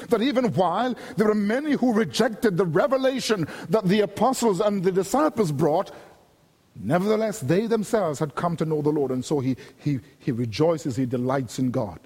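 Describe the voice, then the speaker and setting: A man preaching a sermon in a measured, emphatic way, repeating and building his phrases. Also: sits high, animated, darkish tone, breathy edge. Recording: long hall reverb.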